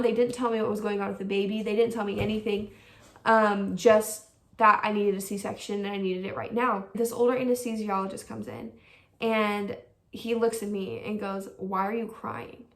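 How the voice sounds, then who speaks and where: A woman's voice: mid-range voice, little pitch movement, moderate pace, fairly bright tone, distant mic. Chatty young woman, roomy and off-mic. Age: young adult. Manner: chatty, many "like" fillers, reenacts quotes. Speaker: vlogger. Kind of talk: casual storytelling.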